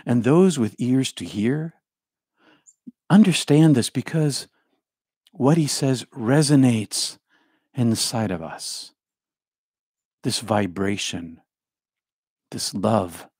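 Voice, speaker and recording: A man giving a reflective spiritual talk as a teacher, in slow, repetitive, incantatory phrases that often drop to a hush. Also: medium pitch, slightly rough, no echo, clean studio sound.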